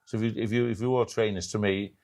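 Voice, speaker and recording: A man's voice: fairly low pitch, fairly even intonation, a little mellow. A middle-aged man talking as a guest in a casual chat. He tells stories emphatically and keeps asking if others agree. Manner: rapid, emphatic, asks for agreement.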